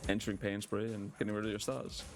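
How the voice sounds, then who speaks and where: Male speedrunner, gravelly and low, casual commentary, game music under. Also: little pitch movement, fast talker. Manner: casual, explains strategy with fillers. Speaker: speedrunner streamer.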